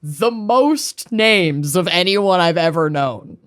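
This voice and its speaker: A woman's voice: fairly low pitch, lively intonation, slow. A woman co-hosting a podcast in casual chat, laid-back and rambling with fillers. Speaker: podcast co-host.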